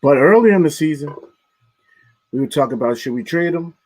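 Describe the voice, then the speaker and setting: A man's voice: fairly high pitch, expressive, brisk, darkish tone. Earnest co-host making his case. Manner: earnest, lays out a case step by step. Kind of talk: casual sports chat.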